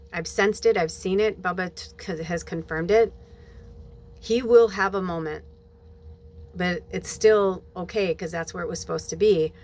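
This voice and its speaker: A woman talking in a personal monologue, emotional and holding back tears, swearing as she goes. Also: mid-range voice. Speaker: spiritual medium.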